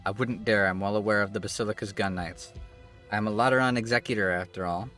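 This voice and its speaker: A man's voice: on the low side, fairly even intonation, fast talker, sharp tone, soft background music. A man reading the lines of an earnest young male executor from a story game, in a pleading tone. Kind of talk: reading game dialogue aloud.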